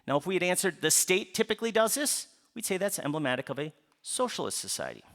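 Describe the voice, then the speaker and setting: A man gives a public book talk. His voice sits somewhat high for a man and swings widely in pitch. He asks rhetorical questions and answers them himself, with playful asides aimed at the audience. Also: very animated, fast talker, creaky, fairly bright tone. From Upper Midwest United States. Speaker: author giving a book talk. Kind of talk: public lecture to a live audience.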